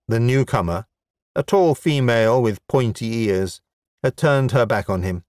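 A man narrating a comic fantasy audiobook in a wry, even storytelling manner. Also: mid-range voice, normal speed, dry recording, clean studio sound. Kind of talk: scripted narration.

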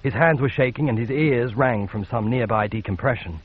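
A man narrating a science fiction audiobook in a measured, steady read. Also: medium pitch, slightly rough, phone-quality sound. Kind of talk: scripted narration.

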